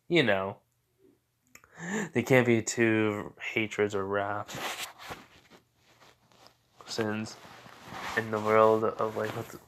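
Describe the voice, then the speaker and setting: A man's voice: on the low side, fairly bright tone. A tired man improvising a fan fiction story aloud, rambling with lots of fillers and occasional stutters.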